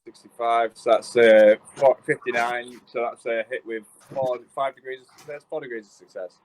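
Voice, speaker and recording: A man's voice: mid-range voice, steady tone, moderate pace, poor audio. A man playing in a tabletop game, counting rolls and swearing playfully. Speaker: player.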